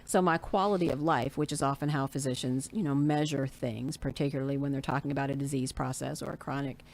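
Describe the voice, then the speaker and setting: Low-voiced, gravelly woman in her forties. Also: fairly even intonation, fast, darkish tone. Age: 40s. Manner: candid storyteller, acts out what people said. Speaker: guest. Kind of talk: casual interview chat.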